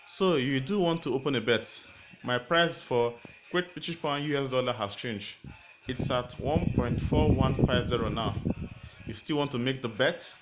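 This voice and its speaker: A man's voice: medium pitch, moderate pace, background noise, lightly acted. Spider-Man as a man doing a sly broker. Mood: pushy. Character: sly scheming male superhero acting as broker. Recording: music playing underneath.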